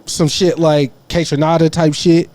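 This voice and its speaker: A man's voice: fairly high pitch, level tone, moderate pace, darkish tone. Rambling, slangy male podcast co-host. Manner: rambling, slangy storytelling with many restarts. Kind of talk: casual chat. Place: podcast studio.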